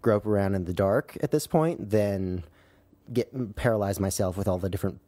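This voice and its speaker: Laid-back low-voiced male podcast co-host. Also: normal speed, mellow, dry recording. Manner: laid-back, laughs often, fillers. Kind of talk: casual chat.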